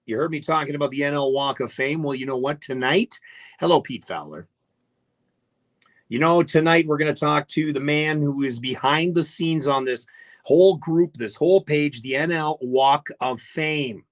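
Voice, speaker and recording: A man's voice: a little high, moderate pace. A man hosting a live radio show in casual, jokey chat, greeting listeners by name. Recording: faint music behind the voice.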